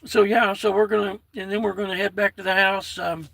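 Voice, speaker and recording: A slightly fast, gravelly, high voice with a level tone and no room sound comes from an older American livestream host. Folksy and casual, he reads out what viewers write and is warm with his chat.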